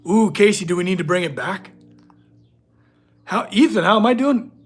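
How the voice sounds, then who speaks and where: A man's voice: high-pitched, animated, moderate pace, husky. A man hosting a casual livestream from his workshop, chatting with viewers and talking to his dog. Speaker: blacksmith livestream host.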